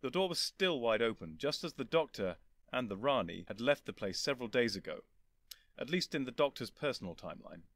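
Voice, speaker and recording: Man, audiobook narration, expressive storytelling, animated pitch, dry close sound. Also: a little fast, dry recording.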